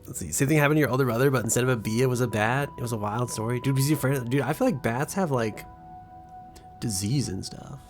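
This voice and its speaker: A young man streams a game and rambles through casual, joking commentary full of swearing. His voice sits at an ordinary male pitch. Soft music plays faintly behind him. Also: fast. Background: faint background music.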